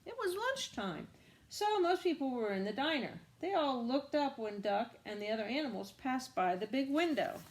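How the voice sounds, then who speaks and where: A woman reading a children's picture book aloud, animated, with asides to young listeners. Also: a little high. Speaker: reader.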